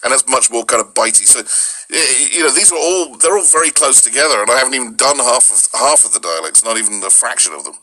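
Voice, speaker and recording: Male interview guest, bright and forceful tone, mid pitch, relaxed explanations. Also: quick pace, rough recording. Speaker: voice actor guest. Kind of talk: casual interview chat.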